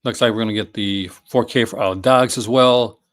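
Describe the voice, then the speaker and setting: A man's voice: on the low side, fairly even intonation, a little fast. A man hosting a casual live stream, talking enthusiastically with many fillers and restarts. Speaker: host.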